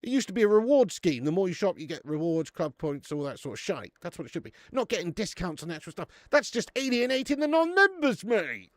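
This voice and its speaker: A chatty man with a British English accent hosts a live stream, his voice fairly high and bouncing all over the place. He talks in a matey, casual way, bantering with his viewers and swearing without a second thought. The sound is close and dry, with no room echo. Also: very animated, a little fast, few pauses. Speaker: host of a live beer review stream. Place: warm room at home.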